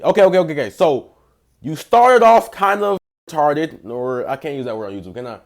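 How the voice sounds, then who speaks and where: A man's voice: on the high side, animated, fairly quick, vocal fry. A young man, a dating coach, giving blunt, mocking reaction commentary full of profanity and basketball slang. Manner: blunt, mocking, rates texts out of ten.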